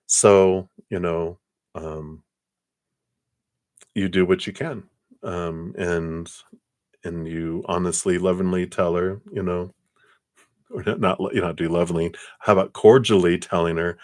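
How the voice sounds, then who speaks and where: Deep-voiced guy doing live card readings, chatty and reassuring, dry close sound. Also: steady tone, measured pace, no echo. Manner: rambling and reassuring, many "you know"s. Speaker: card reader.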